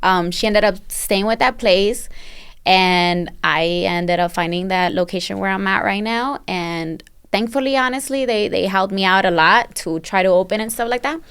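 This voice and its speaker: A woman who owns a barbershop, a podcast guest, telling her story in a relaxed, rambling way full of fillers. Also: medium pitch, moderate pace, smooth. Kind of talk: casual chat.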